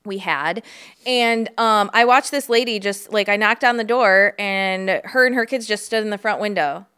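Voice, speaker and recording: A woman co-hosting a podcast, talking in casual, animated chat with quick asides. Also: medium pitch, clear, resonant tone. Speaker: podcast co-host, real estate agent.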